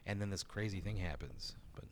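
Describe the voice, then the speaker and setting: Low-ish guy comic telling a bomb story, animated, swears a lot, lots of "like". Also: fairly quick. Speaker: stand-up comedian. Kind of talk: casual storytelling.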